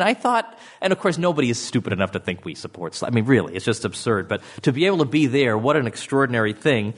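A middle-aged man speaks to an audience at a mid-range pitch. He lectures in a loose, conversational way. He tosses off mocking, sardonic asides with sudden leaps in pitch. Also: expressive, fast, hardly any pauses. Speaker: author giving a talk. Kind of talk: public speech to an audience.

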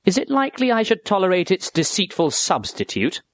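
A man reading a dialogue aloud in a measured, earnest way, voicing one side of the conversation. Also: high-pitched, big pitch swings, fairly bright tone, dry recording, studio quality. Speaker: narrator. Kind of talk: read-aloud dialogue narration.

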